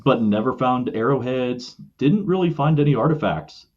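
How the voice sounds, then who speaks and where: A man's voice: mid-range voice, animated, moderate pace, phone-quality sound. A man from West Virginia, a podcast guest, explaining things thoughtfully and at length. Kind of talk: casual conversation.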